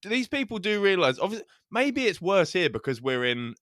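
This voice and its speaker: A British man co-hosting a podcast, chatting casually in an animated, sweary, ranting way. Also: high voice, moderate pace, dry recording, clean studio sound. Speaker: podcast co-host. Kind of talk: casual chat.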